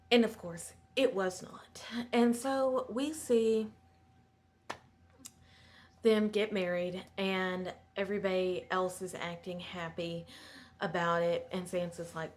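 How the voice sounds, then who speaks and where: A woman recaps a TV episode in a relaxed, casual way. She goes off on small tangents and sounds sympathetic toward the characters. Faint background noise sits under her voice. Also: lowish voice, takes it slowly. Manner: chatty, digressive, sympathetic. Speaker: show recapper.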